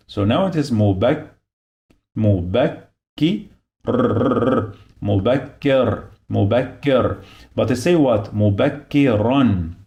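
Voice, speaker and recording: Guy teaching letters, low mellow voice, really slow and patient. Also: gravelly. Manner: repeats sounds and syllables patiently, explaining each mark. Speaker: Arabic teacher. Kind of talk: slow phonics lesson.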